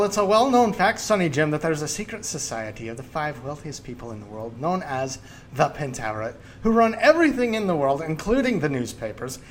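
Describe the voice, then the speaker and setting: A man's voice: fairly high pitch, a little hiss or hum. A man putting on a ranting Scottish dad. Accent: put-on Scottish. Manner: loud, ranting, conspiratorial. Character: blustery older Scottish father, paranoid ranter.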